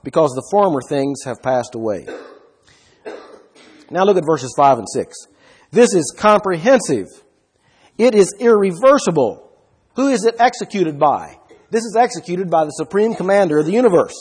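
A man preaches a sermon in a husky, somewhat high voice. He stresses key words hard and keeps asking his listeners questions. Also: lively intonation, normal speed, pauses often, darkish tone. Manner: emphatic, asks the listeners questions.

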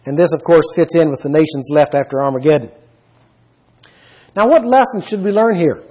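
A man delivering a Bible teaching sermon in a high, husky voice. He speaks emphatically, stops to put questions to his listeners and lists scripture references one after another. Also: brisk, darkish tone, rough recording. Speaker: preacher.

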